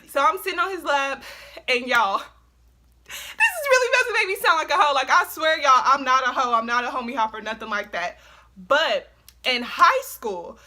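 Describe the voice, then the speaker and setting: Young woman vlogger, high and bright, animated casual storytime. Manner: animated, swearing, lots of slang and fillers.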